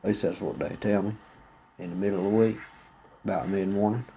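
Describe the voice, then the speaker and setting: A man's voice: low voice, fairly even intonation, fairly quick, mellow, slight background noise, poor audio. A man, telling a rambling, folksy, profane comic story full of fillers.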